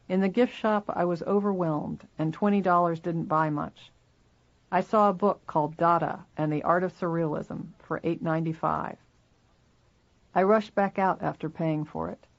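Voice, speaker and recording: A reader narrating a first-person memoir in a steady, measured way. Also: mid-range voice, vocal fry, lo-fi sound.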